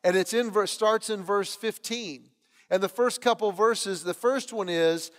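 A middle-aged man preaching a sermon, telling stories in an animated way and acting out the voices of others. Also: sits high, moderate pace. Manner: storytelling, animated, acts out voices in anecdotes. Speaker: pastor. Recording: long hall reverb.

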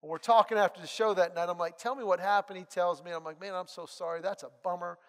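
A man preaching a sermon, telling a personal story and acting out the dialogue in an animated way. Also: high-pitched, quick pace. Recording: long hall reverb.

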